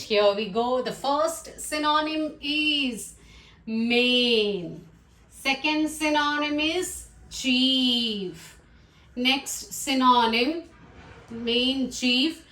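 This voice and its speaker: A woman teaching English vocabulary, listing words one by one in a slow, deliberate way. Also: high-pitched, fairly bright tone. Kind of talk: vocabulary lesson. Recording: echoey room.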